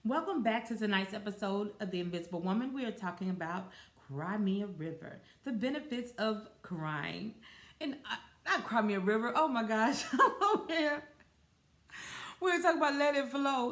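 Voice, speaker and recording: Woman, forties, podcast host, casual rambling talk, mid pitch, echoey room. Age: 40s. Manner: chatty, rambling, with fillers and self-corrections. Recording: roomy echo.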